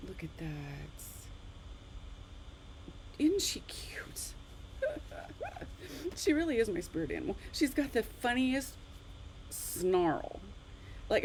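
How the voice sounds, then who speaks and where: A chatty woman hosts a live online craft class, her voice swinging widely in pitch as she shows off her cards. She talks in an animated, exclamatory way. A faint hum of room ambience sits behind her. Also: poor audio. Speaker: card-making instructor.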